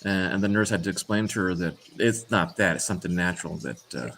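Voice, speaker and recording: Brief: middle-aged man, co-host, lowish voice, stop-start storytelling. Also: vocal fry, a bit bright, slight background noise. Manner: halting, frequent restarts and "uh"s. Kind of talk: casual chat, personal storytelling.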